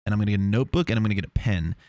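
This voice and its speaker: A man's voice: on the low side, racing, no room sound. A young man from Long Island hosts a solo podcast, rambling and swearing, and he gets fired up and restarts his sentences a lot. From Long Island, New York. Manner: rambling, profane, excitable, many restarts. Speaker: podcast host. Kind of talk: casual solo podcast monologue. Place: small foam-treated home room. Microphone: lav or shotgun mic in a home studio.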